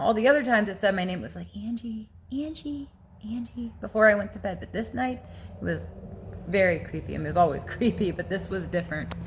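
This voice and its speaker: A middle-aged woman giving a personal testimony in casual storytelling, earnest and halting with restarts and asides. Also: lowish voice, slight background noise. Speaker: testimony vlogger.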